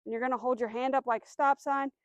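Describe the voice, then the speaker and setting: A woman dog trainer giving a demonstration outdoors, explaining steps clearly, giving firm commands and soft praise to the dog. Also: high-pitched, steady tone, fast, no echo.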